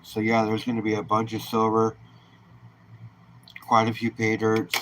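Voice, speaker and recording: A man's voice: on the low side, completely flat delivery, unhurried, noisy background. A man hosting a live stream, chatting casually and easygoing with viewers and greeting them by name.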